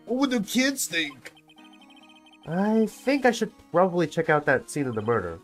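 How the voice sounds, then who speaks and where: A wry young lawyer, dry and low-key, in a near-natural voice, as a man with a sore throat reads him. A game voiceover with lively swings. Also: moderate pace, soft background music.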